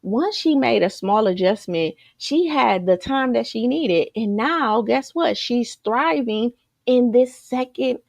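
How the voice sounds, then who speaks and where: Woman coach, fired-up motivational talk, gravelly edge, dry close sound, keeps asking the listeners questions. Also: on the high side, slow pace, dry recording. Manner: energetic, repetitive, rhetorical questions, keeps saying "you guys". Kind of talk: live motivational talk to an online group.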